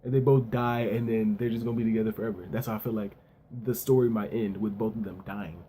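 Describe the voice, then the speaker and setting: Laid-back man with a mellow voice. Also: lowish voice, fairly even intonation, quick pace, a little hiss or hum. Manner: loose slangy talk full of "yo" and "you know what I'm saying". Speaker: anime and manga reviewer. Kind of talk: casual chapter review.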